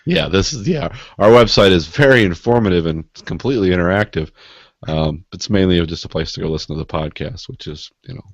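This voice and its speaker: Male co-host, very low voice, deadpan self-mockery, dry close sound. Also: a little fast, no echo. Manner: deadpan, self-mocking, laughs at his own jokes. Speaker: podcast co-host. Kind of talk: casual podcast banter.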